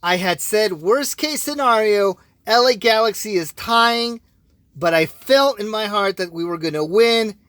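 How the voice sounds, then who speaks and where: A young man co-hosting a casual soccer podcast, gushing and excitable with drawn-out exclamations. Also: high-pitched, clean tone, dry recording, studio quality. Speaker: co-host. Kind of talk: casual sports podcast chat.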